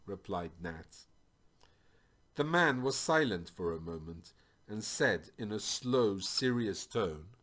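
A man's voice: lowish voice, lively intonation, takes it slowly, a bit bright. A man reading a fantasy story aloud.

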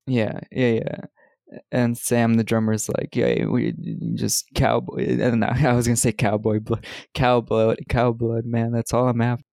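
A man with a gravelly, fry-edged voice recaps a movie for a podcast, quoting the characters and chuckling as he goes. The sound is close and dry, with no room around it. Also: medium pitch, little pitch movement, a little slow, darkish tone, dry recording. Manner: laughs often, retells scenes with quoted lines. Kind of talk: casual chat.

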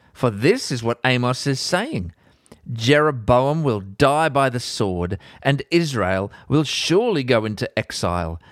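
Slow-spoken man reading scripture. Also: lowish voice, no echo, clean studio sound. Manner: warm, unhurried, expressive. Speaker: podcast host reading the Bible.

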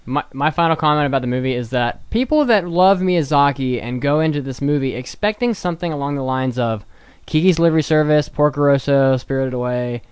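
Man, somewhat high, smooth voice, blunt opinionated host, dry sound. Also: brisk, no echo. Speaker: podcast host. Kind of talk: casual chat.

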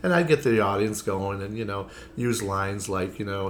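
A man's voice: on the low side, normal speed, few pauses, a little hiss or hum. A man who performs as a drag queen, telling stories in a casual interview. He talks in a chatty, theatrical way, leans on "you know" fillers and acts out the lines of the people in his stories.

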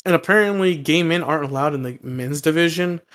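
A man's voice: on the high side, brisk, a bit bright. A man co-hosting a podcast, telling rambling anecdotes in casual chat. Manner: rambling storyteller, loose fillers. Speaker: podcast co-host.

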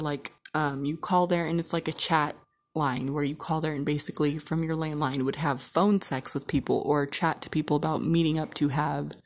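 Woman vlogger, a bit low-voiced, casual rambling storyteller. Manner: rambling, chatty, frequent "like" fillers.

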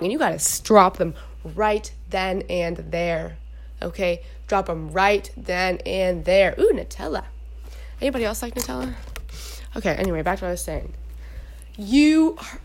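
A young woman hosting a podcast, giving casual faith and dating advice in a chatty, preachy, rambling way, often checking in with "okay?". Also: mid-range voice. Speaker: podcast host.

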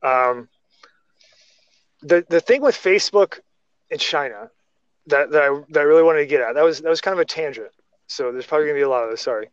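A man's voice: a little high, brisk, pauses often, clean tone, no echo. A man talking casually in a podcast chat, rambling through restarts and tangents. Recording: dry, muffled lo-fi sound.

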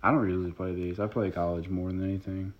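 A young man chatting casually on a podcast, easygoing and a little rambling. His voice is on the low side. The recording sounds dull and lo-fi. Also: flat delivery, fast. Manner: easygoing, rambling, laughs along. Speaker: podcast co-host. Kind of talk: casual chat.

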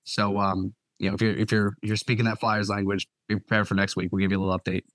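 A young man, a nurse and podcast co-host, telling a profane, animated story in casual talk. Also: fairly low pitch, fast, dry recording. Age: young adult.

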